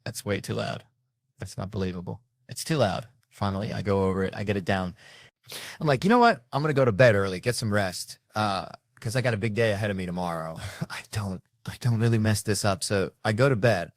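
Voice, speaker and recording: Low-voiced brash stand-up comic man. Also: no echo. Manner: acts out other people's voices in quick bursts; profane and brash. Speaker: stand-up comedian. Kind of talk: stand-up storytelling.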